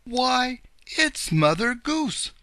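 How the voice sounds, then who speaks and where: A man voicing a kindly old rabbit gentleman who speaks in a polite, old-fashioned, earnest way. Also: fairly high pitch, big pitch swings, unhurried, slightly rough, no echo, pitched above the performer's own voice, exaggerated voice. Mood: astonished.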